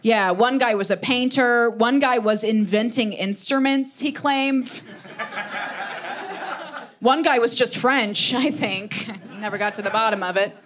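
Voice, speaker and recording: A woman in her thirties performing stand-up comedy, with an animated, punchy delivery and acted-out quotes. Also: fairly high pitch, measured pace. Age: 30s.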